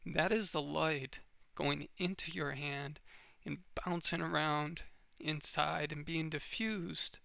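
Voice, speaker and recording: Man, tutorial voice-over, slow and gravelly, bright tone, dry close mic. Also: fairly high pitch, dry recording. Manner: steady step-by-step explaining. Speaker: software tutorial instructor. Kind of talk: screen-recorded software tutorial.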